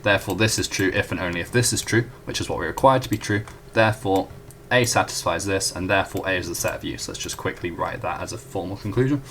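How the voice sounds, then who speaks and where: A man's voice: sits low, fast talker, hardly any pauses, a bit bright, slight background noise. A young man talks casually through a math proof at a whiteboard, correcting himself and apologizing along the way. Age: young adult. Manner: chatty, self-correcting, apologetic asides. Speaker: student tutor.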